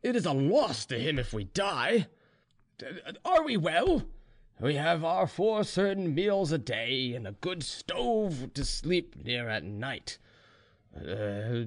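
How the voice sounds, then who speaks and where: A man voicing a boastful, contented male serf who is drinking brandy, speaking in an easygoing, smug way. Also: a little high.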